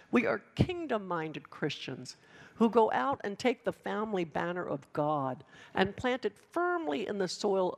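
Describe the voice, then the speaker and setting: A woman giving a passionate sermon to students, emphatic and with dramatic pauses. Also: mid-range voice. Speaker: speaker addressing students.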